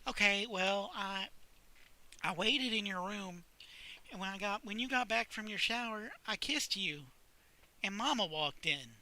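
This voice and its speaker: A man's voice: sits high, animated, bright, forceful tone, voice pushed up, full character voice. A man voicing a nervous, flustered young woman who stammers and halts. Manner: stammering, halting.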